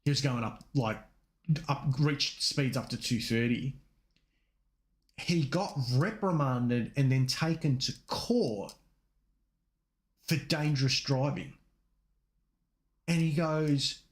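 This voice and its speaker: Slow and given to long pauses, an Australian man with a mid-range voice co-hosts a casual podcast. He tells wandering anecdotes and performs the quoted voices in his stories.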